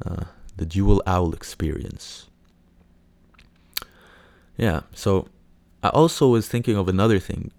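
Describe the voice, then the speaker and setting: A man's voice: low-pitched, creaky, a little mellow, no echo. A man hosting a casual solo podcast, rambling with lots of fillers, swearing and mocking impressions. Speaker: podcast host.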